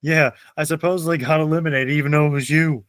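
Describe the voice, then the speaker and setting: A man's voice: fairly high pitch, steady tone, quick pace, fairly bright tone. A young man hosting a podcast, telling funny stories in casual chat and laughing often. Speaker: podcast host.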